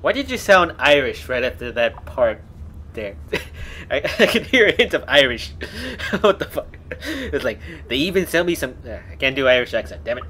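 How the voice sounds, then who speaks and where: A man's voice: mid-range voice, big pitch swings, moderate pace, bright, forceful tone, slight background noise. A man streaming a game live, casually muttering and swearing as he plays. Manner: casual, profane, muttering to himself. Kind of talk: live gameplay commentary.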